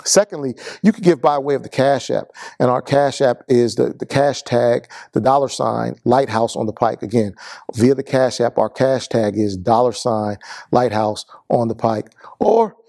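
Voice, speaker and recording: Male pastor, earnest, repeats himself, mellow warm tone, a bit hoarse. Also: medium pitch, steady tone, moderate pace, dry recording, clean studio sound. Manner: earnest, repeats words, rising to a fervent benediction. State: losing his voice. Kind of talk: sermon closing and announcements.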